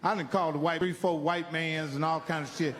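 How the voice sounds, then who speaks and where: A man, originally from Indiana, telling profane, animated stand-up stories and acting out the people in them. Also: fairly high pitch, a little fast, long reverb tail, a little hiss or hum. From Indiana, United States. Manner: profane, animated, acts out characters' voices. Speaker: stand-up comedian. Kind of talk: stand-up storytelling.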